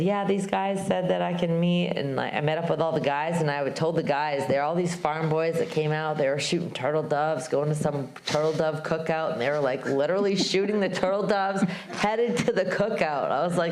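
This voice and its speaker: Low, gravelly-voiced woman telling a story. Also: normal speed, echoey room, slight background noise. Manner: animated storyteller, acts out voices, laughs often. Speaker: guest speaker, long-distance hiker. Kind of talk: storytelling talk to a live audience. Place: club venue before a live audience.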